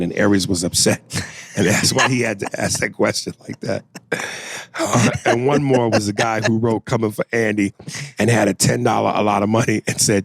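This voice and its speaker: A man's voice: lowish voice, creaky, dry recording, clean studio sound. A man co-hosting a podcast, reading listener emails aloud in a casual, profane, joking way. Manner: profane, joking, breaks into laughter. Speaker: podcast co-host.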